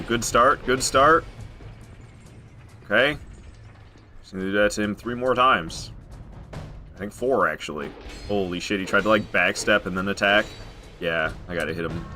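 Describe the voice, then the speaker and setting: A man streaming a video game, giving excitable live commentary as he plays. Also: low voice, normal speed, pauses often, faint music behind. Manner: excitable, animated, laughing and groaning at the game.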